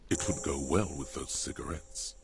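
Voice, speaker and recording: A sardonic game narrator, voice extremely low and gravelly. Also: male voice, normal speed, noisy background. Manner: wry, sardonic. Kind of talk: scripted narration.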